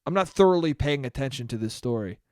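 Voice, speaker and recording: A man's voice: mid-range voice, lively intonation, fast talker, no echo, clean studio sound. A man hosting a solo comedy podcast, ranting profanely and laughing at his own jokes. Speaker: podcast host.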